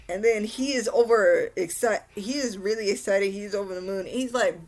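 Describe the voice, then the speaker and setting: A woman's voice: mid-range voice, moderate pace, hardly any pauses. A young woman recaps an anime in a casual, rambling way. She restarts sentences often and sounds mildly exasperated at the plot. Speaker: anime reviewer.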